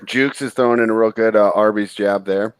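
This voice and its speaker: A man from Northern California hosting a casual sports betting chat, easygoing and quick to laugh. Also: lowish voice, steady tone, clear, resonant tone. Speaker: sports betting show host. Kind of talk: casual live game chat.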